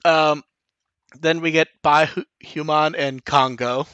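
A man's voice: fairly high pitch, fairly even intonation, slow pace, pushed and bright, clean tone, no echo, lo-fi sound. A man hosting a podcast in loose casual chat, full of "like", restarts and the odd swear. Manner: rambling, frequent 'like' and restarts, swears casually. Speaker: podcast host.

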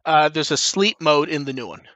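Podcast host guy, bright punchy voice, dry close sound, rambles through listener questions. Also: a little high, normal speed, no room sound. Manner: rambling, self-correcting, reads out listener questions. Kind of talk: casual podcast chat.

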